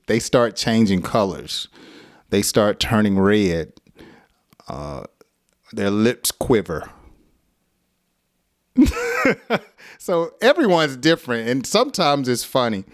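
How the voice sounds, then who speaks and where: Slow-talking American man teaching English. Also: mid-range voice. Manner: acts out angry example phrases, laughs often. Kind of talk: casual spoken lesson.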